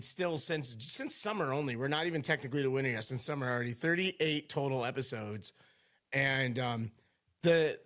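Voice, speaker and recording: A man's voice: medium pitch, a bit bright. A man co-hosting a podcast, chatting in an upbeat way and laughing easily. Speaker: podcast co-host. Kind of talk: casual chat.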